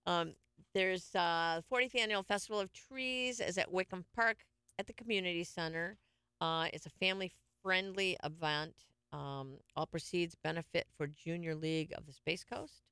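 A chatty radio host with a gravelly, bright voice that stays smooth and clear. Rambling and jokey, poking fun at themselves while talking with a guest in the studio. The sound is dry and close, with no room echo. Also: mid-range voice, normal speed. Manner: rambling, jokey, self-mocking. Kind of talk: casual on-air chat.

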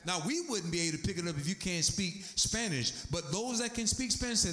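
A man preaching a sermon, animated, his voice climbing high as he gets excited. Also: brisk, hardly any pauses. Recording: echoey room.

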